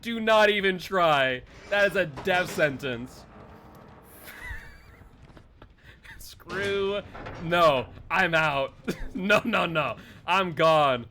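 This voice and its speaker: A man giving live commentary while playing a game, excitable and quick to laugh, jumping to shouts when startled. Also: sits high, slight background noise. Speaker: game streamer.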